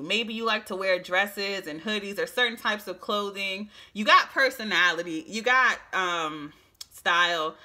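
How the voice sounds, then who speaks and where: A woman giving a casual, emphatic psychic tarot reading, talking straight to the viewer with frequent restarts and a slightly hoarse voice. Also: medium pitch, bright, forceful tone. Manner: chatty, emphatic, restarts often. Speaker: tarot reader.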